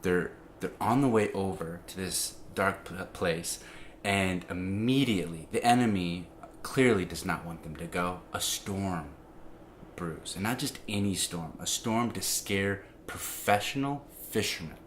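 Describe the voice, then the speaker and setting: A man giving an informal, conversational sermon, full of restarts and fillers, growing animated as he tells the story. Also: deep voice, unhurried, slight background noise. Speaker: preacher.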